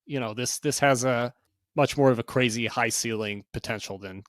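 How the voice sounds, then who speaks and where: A man's voice: mid-range voice, moderate pace, fairly bright tone, no echo. Guy cohosting a card podcast, kinda unsure and hedgy, dead dry sound. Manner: hesitant, hedging, laughs often. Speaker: podcast co-host. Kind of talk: casual card game review chat.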